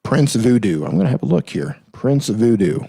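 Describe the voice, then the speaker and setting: A man hosting a casual live stream, reading viewer questions aloud and answering in a relaxed, chatty way, often laughing. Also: fairly low pitch, normal speed, husky, no echo, studio quality. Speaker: livestream host answering questions.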